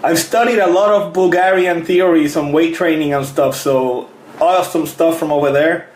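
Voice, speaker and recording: A man's voice: fairly high pitch, normal speed. A man, a fitness coach, chatting casually on a live stream, greeting viewers by name and laughing often. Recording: roomy echo with faint noise.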